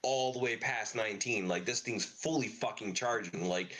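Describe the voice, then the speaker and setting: A middle-aged man with a lowish voice talks as a podcast guest. His stories ramble along with plenty of "you know" and "like," peppered with curse words. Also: normal speed, hardly any pauses, fairly bright tone. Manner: swears freely, rambling anecdotes with lots of fillers. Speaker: podcast guest, car parts business owner. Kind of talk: casual storytelling interview.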